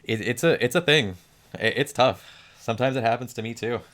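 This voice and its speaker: A man's voice: mid-range voice, brisk, a bit bright. A man playing a tabletop role-playing game, chatting casually and laughing with the group. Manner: chatty, laughs, rambling restarts. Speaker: player.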